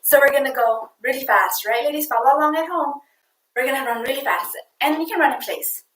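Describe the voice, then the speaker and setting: High-voiced upbeat woman coach. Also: fairly quick, reverberant, rough recording. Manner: upbeat, counting out loud, addressing the girls. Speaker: youth sports coach. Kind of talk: leading an online exercise game.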